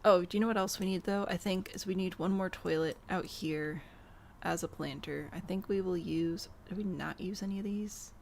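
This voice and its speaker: A woman's voice: fairly low pitch, moderate pace, vocal fry, slight background noise. A woman live-streaming a building game, chatty and self-amused as she talks to her chat while she builds. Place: home room.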